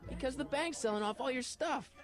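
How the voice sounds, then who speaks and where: A man voicing a quick-witted teenage boy hero in a video game, casual and wisecracking. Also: very high-pitched. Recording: game audio with music behind.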